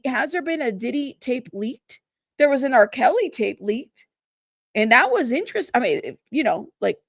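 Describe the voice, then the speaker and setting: High-voiced, chatty woman livestream host. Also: no room sound, clean studio sound. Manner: chatty, reads chat aloud, laughs often. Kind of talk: casual livestream chat.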